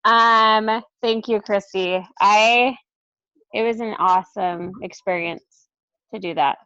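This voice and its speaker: A woman's voice: mid-range voice, fairly even intonation, slow, sharp tone, clear, resonant tone, dry recording. Tired mom sounding woman, chatty, dry dead room, muffled call sound. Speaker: team member giving shout outs. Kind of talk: casual chat on a team video call. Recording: dry, dull video call audio.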